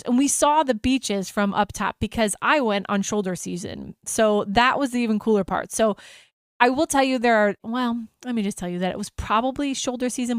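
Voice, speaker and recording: A woman's voice: a little high, clean tone, no echo, studio quality. An American woman hosting a travel podcast, telling an enthusiastic, gushing story in a casual chat.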